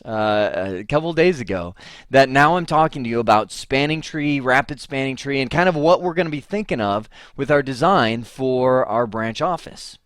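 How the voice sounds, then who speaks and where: Middle-aged male instructor, mid-pitched, dry close sound, chatty anecdotal delivery. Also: no room sound. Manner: animated storyteller who acts out both sides of a phone call. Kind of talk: casual lecture with a told anecdote.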